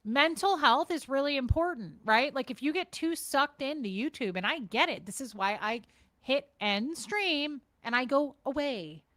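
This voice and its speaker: A woman's voice: sits high, animated, fairly bright tone, no echo. A woman hosting a casual livestream chat, blunt and profane, talking to her viewers from a home streaming setup. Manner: blunt, profane, fast-shifting delivery. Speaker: livestream host.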